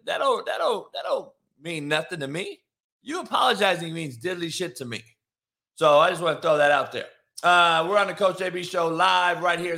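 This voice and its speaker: A man hosting a live morning stream, ranting profanely and confrontationally, mocking and shouting at his chat. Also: a little high. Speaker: live show host. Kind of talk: brash live-stream rant.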